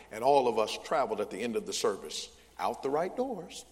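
Male preacher, animated call-and-response delivery, booming church sanctuary reverb. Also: a little fast, few pauses. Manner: call-and-response preaching, rising to loud bursts. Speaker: pastor. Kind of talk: sermon. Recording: long church hall reverb.

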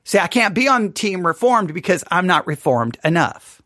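A man's voice: high-pitched, sing-song, normal speed, bright, forceful tone, no echo, clean studio sound. A man teaching a Bible study, reacting to a sermon with emphatic, sarcastic exasperation. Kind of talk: livestreamed Bible study commentary.

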